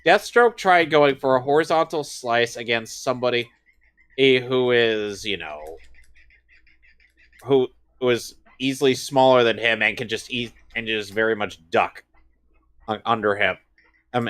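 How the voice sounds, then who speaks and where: A man's voice: medium pitch, unhurried, fairly bright tone. A man co-hosting a casual watch-along chat, giving long-winded, opinionated breakdowns. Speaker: co-host.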